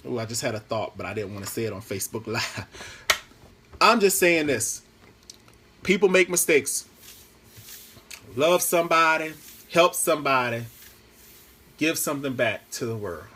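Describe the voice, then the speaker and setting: A Facebook Live host chats into his phone from home in a rambling monologue, blending playful jokes with earnest pleas. His medium-pitched voice is lively, sharp and slightly breathy, and he takes his time with long pauses.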